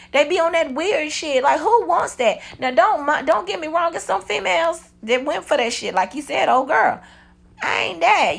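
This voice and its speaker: A woman in her forties telling a storytime vlog in a blunt, profane, animated way. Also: a little high. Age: 40s. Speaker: vlogger. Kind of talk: casual storytime monologue.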